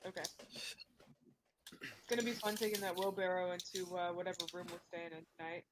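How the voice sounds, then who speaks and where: A woman playing a tabletop game, brisk and practical. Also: fairly low pitch, steady tone, noisy background. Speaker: player. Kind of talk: casual tabletop role-play.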